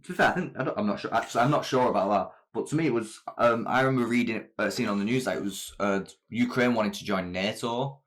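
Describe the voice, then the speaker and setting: A young man co-hosting a podcast in casual chat, quick and laughing, steering with questions. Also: medium pitch. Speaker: podcast co-host.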